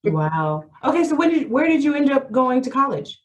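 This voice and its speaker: A woman's voice: sits high, very animated, normal speed. A woman hosting a casual interview, asking questions and reflecting on the guest's stories.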